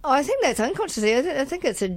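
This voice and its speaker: A woman's voice: high voice, sing-song, very fast, no room sound. A woman in her forties with a New Zealand accent, chatting thoughtfully and a little hesitantly in a radio studio. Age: 40s. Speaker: radio presenter. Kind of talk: casual studio chat.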